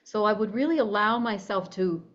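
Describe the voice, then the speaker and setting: A woman's voice: mid-range voice, moderate pace, fairly bright tone, dull audio. A woman coach talking animatedly in an interview, acting out her own inner voice and often restarting sentences. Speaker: guest, body-image coach. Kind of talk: conversational interview.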